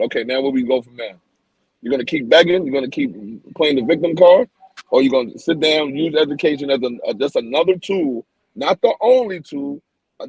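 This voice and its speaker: A man's voice: medium pitch, husky, no room sound, poor audio. A man co-hosting a casual podcast, talking emphatically and opinionatedly, often repeating and restarting his words.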